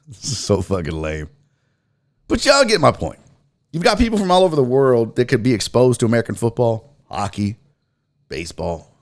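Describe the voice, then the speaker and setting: A man's voice: mid-range voice, big pitch swings, normal speed, long pauses. A middle-aged man hosting a sports talk show, rambling casually with profanity and self-mockery.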